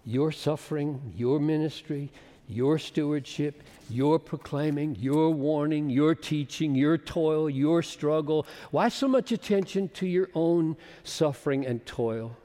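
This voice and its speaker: A man in his seventies preaching a sermon with passion, building to loud, emphatic peaks. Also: on the high side, a little slow. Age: 70s. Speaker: pastor. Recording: long hall reverb.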